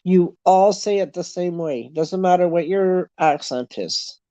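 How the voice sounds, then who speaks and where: A woman's voice: on the low side, a little slow, mellow, dry recording. Canadian woman, middle-aged, casual livestream host, dry close sound, slightly dull. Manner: chatty storytelling, laughs often. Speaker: livestream host chatting with viewers. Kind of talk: casual chat.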